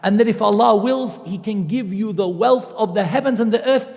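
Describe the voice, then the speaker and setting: Male preacher, animated and conversational, somewhat high pitch, recorded in an echoing mosque hall. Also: normal speed, vocal fry. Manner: animated and conversational, acting out quoted voices. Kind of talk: Islamic lecture.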